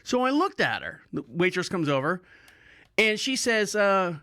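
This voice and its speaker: A man's voice: high-pitched, big pitch swings, a little slow, bright, forceful tone, no room sound, clean studio sound. A man hosting a podcast, telling a rambling story in casual talk, swearing freely and laughing often. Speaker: podcast host.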